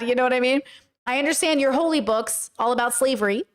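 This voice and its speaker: A woman with a slightly high-pitched voice talks straight to her livestream audience. She is blunt and emphatic and swears casually as she reacts and explains. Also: brisk. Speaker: streamer and commentator.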